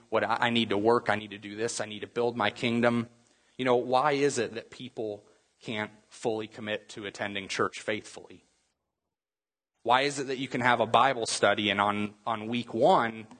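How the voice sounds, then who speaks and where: A man's voice: medium pitch, fairly bright tone. A middle-aged man preaching a sermon, telling stories in a conversational way with lots of fillers. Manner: storytelling, conversational with many fillers. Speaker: pastor.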